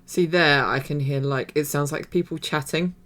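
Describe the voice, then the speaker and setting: A woman's voice: sits low, fairly even intonation, normal speed, fairly bright tone. A woman hosting a reaction video, chatting casually and rambling with many fillers and restarts. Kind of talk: casual commentary.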